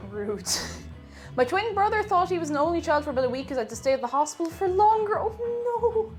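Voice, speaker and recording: A woman's voice: extremely high pitch, sing-song, fairly quick, faint music behind. A young Irish woman streaming from her home kitchen, chatting casually, rambling through asides and reading viewer messages aloud. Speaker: streamer baking live.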